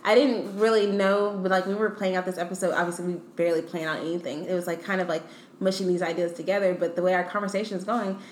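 A woman's voice: on the low side, level tone, quick pace. A woman co-hosting a podcast, reflective and teasing, with a dry sense of humor. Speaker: podcast co-host. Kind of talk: casual podcast chat. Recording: echoey room with faint noise.

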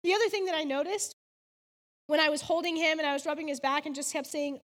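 A woman's voice: sits high, steady tone, fast, a bit bright, long reverb tail. A woman in her thirties giving a faith devotional talk, telling a personal story in an earnest, heartfelt way with lots of "like"s. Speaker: devotional speaker.

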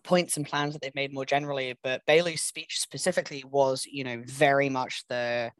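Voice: medium pitch, fairly even intonation, normal speed, no room sound. A podcast co-host speaks in a mid-range voice, picking apart the topic in casual analytical chat. The sound is dry and close, with many ums and you-knows along the way.

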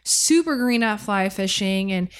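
A young woman co-hosting a podcast, telling a story in casual chat, animated and laughing as she goes. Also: mid-range voice, a little slow, clear, resonant tone. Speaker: podcast co-host.

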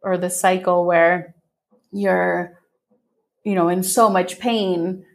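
A woman hosting a podcast in a casual interview, animated and effusive, laughing often and swearing freely. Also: fairly low pitch, slow pace, vocal fry. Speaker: podcast host.

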